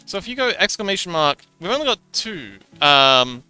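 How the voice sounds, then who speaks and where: A man's voice: high voice, sing-song, moderate pace, sharp tone, smooth, dry recording, soft background music. A man streaming live, chatting casually with viewers and reading chat aloud, with frequent stammered restarts and giggles.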